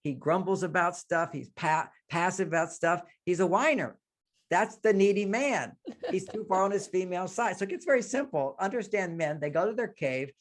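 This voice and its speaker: An older man, a relationship expert on a radio interview, explaining ideas through lively stories and acted-out quotes. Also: high voice, moderate pace. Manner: animated storyteller, acts out quotes, laughs often.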